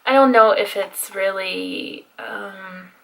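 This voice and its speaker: A woman's voice: medium pitch, slow pace, vocal fry, a bit bright, poor audio. A young woman from Texas with a Texan accent, chatting casually and confidingly to her viewers while doing her makeup. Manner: chatty and confiding, with fillers like "like" and "you know". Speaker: beauty vlogger.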